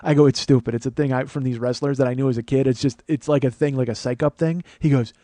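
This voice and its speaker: Telling a long, rambling story alone, this comedian podcast host is profane and pokes fun at himself. He talks quickly in a medium-pitched, dark voice with a steady tone, and there's no echo.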